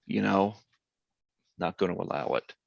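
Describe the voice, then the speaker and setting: A man's voice: low voice, a little slow, vocal fry, no room sound. A man hosting a podcast interview, laid-back and joking with his guest. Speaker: podcast host. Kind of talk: casual interview chat. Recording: dull lo-fi sound.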